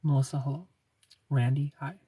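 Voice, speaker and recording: A man hosting a casual livestream, greeting viewers by name and answering their comments in a relaxed, chatty way. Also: medium pitch, moderate pace, husky, dry recording, distant mic. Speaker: livestream host.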